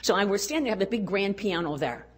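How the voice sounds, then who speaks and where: An older woman speaking at a women's conference, telling a personal story in an earnest way and dropping to a hush at tender moments. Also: medium pitch, animated, fast, breathy edge. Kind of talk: storytelling talk.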